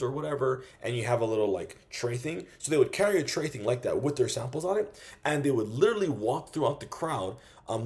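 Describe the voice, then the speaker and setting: Casual man with a profane pitch. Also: a little mellow. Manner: loose and profane, acting out sales pitches. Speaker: business coach. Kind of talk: casual instructional monologue.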